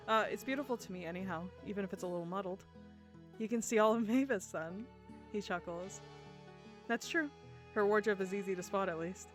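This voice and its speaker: A woman streaming a game live, talking to her chat in an excitable, gushing way, laughing often and swearing casually. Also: fairly high pitch, normal speed, faint music behind.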